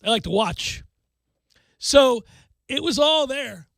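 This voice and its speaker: A male sports radio host with a high voice ranting in animated, sarcastic bursts. The studio sound is dry and close. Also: slow, vocal fry, no echo. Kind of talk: sports talk radio banter.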